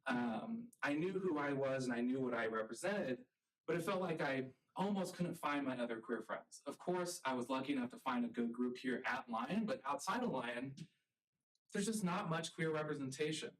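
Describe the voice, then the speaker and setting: A man from the rural South speaks earnestly as he presents his research, pausing often with ums. His voice sits at an ordinary middle pitch, and the mic picks him up from some distance across a lecture room. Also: expressive. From rural American South. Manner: earnest, halting, with frequent ums. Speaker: college art professor presenting research.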